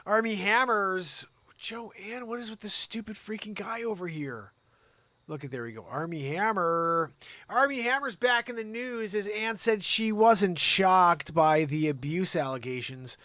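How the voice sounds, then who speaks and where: A man's voice: high-pitched, unhurried, no room sound. Sarcastic man ranting through comedy news. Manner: rambling and sarcastic, jumping between loud reading and muttered asides. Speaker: comedy news show host. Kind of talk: live-streamed comedic news reading.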